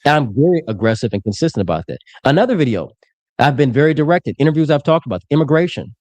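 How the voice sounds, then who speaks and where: A man's voice: on the high side, very animated, fast, darkish tone, no room sound. A man in his twenties arguing heatedly in a live-streamed debate, aggressive and profane, talking over the others. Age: 20s. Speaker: political commentator.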